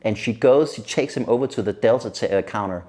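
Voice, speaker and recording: A middle-aged man from Denmark, a guest in an interview who tells stories in a lively way and laughs often. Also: fairly low pitch, brisk. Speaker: guest expert on workplace happiness. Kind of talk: casual interview chat.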